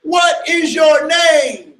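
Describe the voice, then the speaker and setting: Cruel male overseer played by a man, shouted, slow stern commands, high voice. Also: animated, reverberant, full character voice. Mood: stern commanding.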